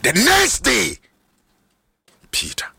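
A Ghanaian man preaching a sermon, shouting and sing-song, repeating phrases over and over. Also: extremely high pitch, wildly swooping pitch, slow, vocal fry, slightly rough, no echo.

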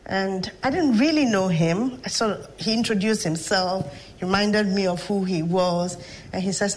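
A woman's voice: mid-range voice, a little mellow, poor audio. Reflective Ghanaian woman professor. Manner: storytelling, measured and reflective. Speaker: professor and guest. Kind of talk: interview conversation.

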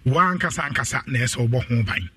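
A man's voice: mid-range voice, sing-song, quick pace, pushed and bright, dry recording. A man hosting a radio talk show, stressing his points by repeating phrases. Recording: dry voice, distant from the microphone.

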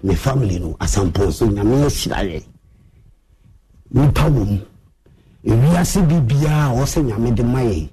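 A man's voice: mid-range voice, expressive, normal speed, long pauses, mellow, breathy edge. A man with a Ghanaian accent, Twi his first language, giving a boastful, swaggering monologue as a show host.

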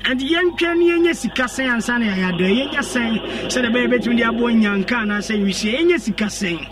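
A man's voice: extremely high pitch, a little fast, distant mic, background noise. A man, a radio host interviewing a guest in an attentive, affirming way.

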